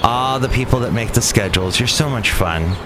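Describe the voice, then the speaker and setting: A man's voice: mid-range voice, animated, fairly quick. A man with a Californian accent, hosting a podcast in a chatty, wry, rambling monologue. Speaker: podcast host. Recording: traffic noise in background.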